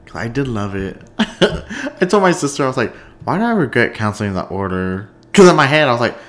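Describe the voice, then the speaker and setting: A man hosting a casual solo podcast, telling stories in a chatty, animated way and laughing often. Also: mid-range voice, fairly quick. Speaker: podcast host.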